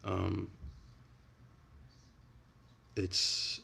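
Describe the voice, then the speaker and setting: A young man on a casual late-night livestream, reading chat and rambling in a relaxed, soft-spoken way. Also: low-pitched, drawn-out words, creaky, slight background noise.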